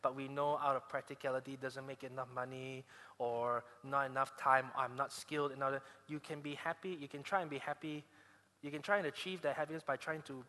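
A man's voice: medium pitch, pushed and bright. A man with a Malaysian English accent preaching a sermon, telling stories animatedly with frequent restarts. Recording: long hall reverb.

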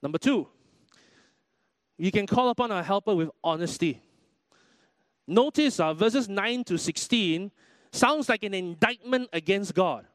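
A man preaches a sermon in a church, his voice sitting high for a man. He talks animatedly and acts out little quoted exchanges. The sound is dry and close. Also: dry recording. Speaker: pastor.

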